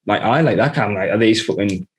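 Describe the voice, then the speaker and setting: A man's voice: fairly low pitch, lively intonation, fast talker. A man telling a long, rambling story in casual chat, swearing constantly and laughing as he goes. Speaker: podcast guest.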